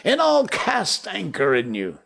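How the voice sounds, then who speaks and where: A man's voice: sits high, wildly swooping pitch, a little slow, creaky, fairly bright tone, pitched above the performer's own voice, exaggerated voice. A man reading a storybook aloud, voicing a mischievous boy who mocks a pirate with a scornful, taunting voice.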